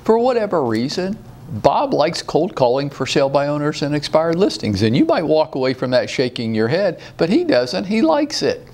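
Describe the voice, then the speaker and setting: A man's voice: on the high side, moderate pace. Rallying man coaching. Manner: animated, rallying, rhetorical questions. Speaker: real estate sales coach. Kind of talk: motivational training talk.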